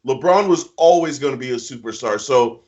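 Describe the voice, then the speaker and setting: This basketball co-host talks fairly quickly in a darkish voice with lively intonation, delivering emphatic, slang-heavy NBA picks in a casual chat. The audio is low-fidelity and muffled.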